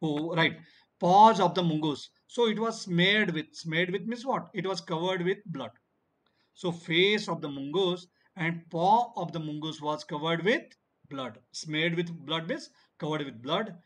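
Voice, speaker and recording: A man's voice: on the high side, unhurried. A man teaching a class over a video call, repeating himself and asking questions he then answers. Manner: repetitive explaining, asks and answers his own questions.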